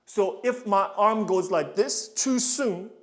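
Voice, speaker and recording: Slow-talking high-voiced ballet coach, a man. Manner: animated, counts and sings out steps. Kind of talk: online ballet coaching session.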